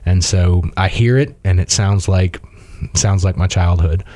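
Relaxed deep-voiced man telling rambling stories. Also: unhurried, no echo. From Mississippi, USA. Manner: rambling, storytelling, many fillers and restarts. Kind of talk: casual conversation.

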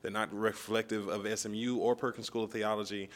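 Low-voiced seminary guy from dallas, careful and measured on a podcast. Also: flat delivery. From Dallas, Texas. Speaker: seminary student, podcast guest. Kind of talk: casual podcast talk.

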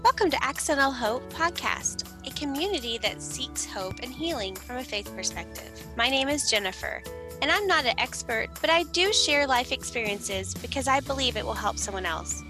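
A woman's voice: high voice, lively intonation, normal speed, over music, poor audio. A woman hosting a faith-based podcast, gushing and enthusiastic as she chats with a friend. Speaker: podcast host. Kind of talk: casual chat interview.

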